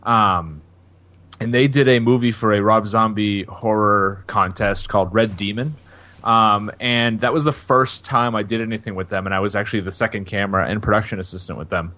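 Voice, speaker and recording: A man's voice: fairly low pitch, normal speed, bright, forceful tone. A man co-hosting a podcast in casual chat, joking and rambling with plenty of fillers. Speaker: podcast co-host.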